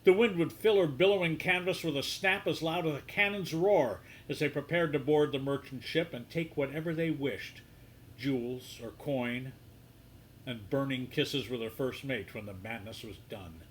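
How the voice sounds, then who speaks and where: A man reading a story aloud in a measured, hushed storybook style, softening his voice for the quoted lines. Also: mid-range voice, slight background noise, low-quality recording.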